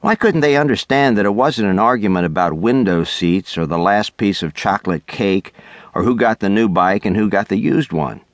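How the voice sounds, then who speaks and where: A middle-aged man narrating a children's audiobook with lively, expressive storytelling on a close studio mic. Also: on the low side, moderate pace, dry recording. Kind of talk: scripted narration.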